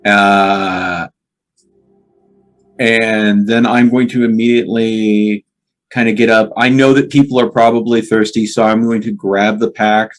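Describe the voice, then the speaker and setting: A man playing a tabletop game, thinking aloud in a contemplative, measured way as he describes his character. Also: on the low side.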